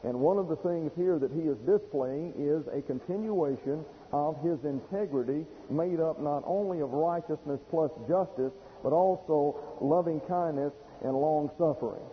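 A man preaching in a folksy, explanatory manner, his voice sitting a little higher than most. The recording is dull and lo-fi. A long reverb trails off behind him, as in a church hall. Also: a little hiss or hum. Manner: folksy, explanatory, slows for emphasis. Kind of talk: expository sermon.

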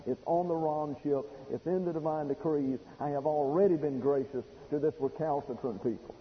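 Folksy preacher in an echoing hall. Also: male voice, on the high side. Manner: folksy, explanatory, slows for emphasis. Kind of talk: expository sermon. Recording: dull lo-fi recording in a reverberant hall.

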